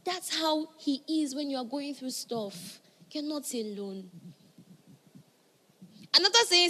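Woman, sermon, high voice, bright tone, loud calls and hushed asides. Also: expressive, a little slow. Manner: swings from loud emphatic calls to soft near-whispers. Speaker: preacher.

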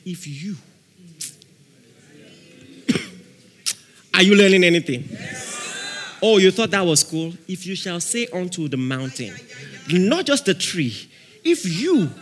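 A man preaching a sermon as pastor, animated, laughing often and shouting out dramatic prayer examples. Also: sits high, breathy edge. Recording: long reverb of a large hall.

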